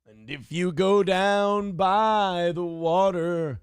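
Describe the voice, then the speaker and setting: Loud high-voiced slow-talking man host. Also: steady tone, clear, resonant tone, no room sound, clean studio sound. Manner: loud, profane, laughing, breaks into sung parodies. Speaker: show host. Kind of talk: crude comedic banter with song parodies.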